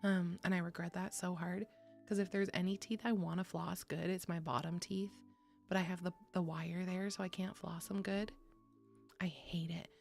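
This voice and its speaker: Gravelly, chatty woman streamer. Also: lowish voice, fairly even intonation, normal speed. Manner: chatty, swears freely, laughs often, reads chat aloud. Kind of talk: casual chat with chat. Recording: faint music behind.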